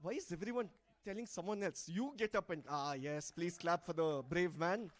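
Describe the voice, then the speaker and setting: A man's voice: high-pitched, normal speed. A man hosting a live event on stage, playfully teasing and coaxing the audience into group activities over a handheld mic. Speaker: event host.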